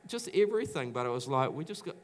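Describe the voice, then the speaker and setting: A man's voice: medium pitch, sing-song, fast. A middle-aged man from New Zealand preaching a sermon, telling his own stories in a chatty way with many restarts and acted-out quotes. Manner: conversational storytelling, many restarts, acts out quoted voices. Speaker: pastor. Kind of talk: sermon with personal testimony. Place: church auditorium.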